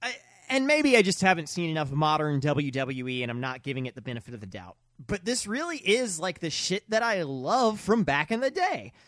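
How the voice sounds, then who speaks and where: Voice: mid-range voice, big pitch swings, a little fast, fairly bright tone, dry recording, studio quality. A podcast co-host chatting casually and enthusiastically, swearing freely. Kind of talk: casual chat.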